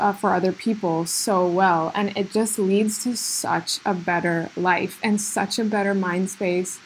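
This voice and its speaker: A woman's voice: medium pitch, a little hiss or hum. A woman host talking alone on her podcast in an earnest, self-reflective way, with lots of "like" and "you know" fillers. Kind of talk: solo reflective podcast monologue.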